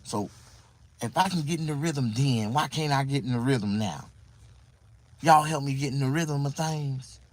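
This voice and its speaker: A man's voice: mid-range voice, normal speed, rough recording. A man talking casually to viewers on a livestream, rambling and repeating himself in mock confusion.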